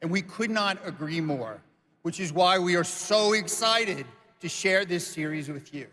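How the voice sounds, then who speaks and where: A man's voice: high voice, lively intonation, a little slow, bright, forceful tone. A man presenting on stage, emotional and choked up as he speaks. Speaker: studio co-founder presenting on stage. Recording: long hall reverb on stage.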